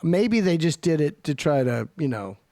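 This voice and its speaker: A man's voice: a little high, very animated, moderate pace, dark tone, no room sound, clean studio sound. Teasing, storytelling middle-aged man. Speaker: co-host. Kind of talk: casual chat.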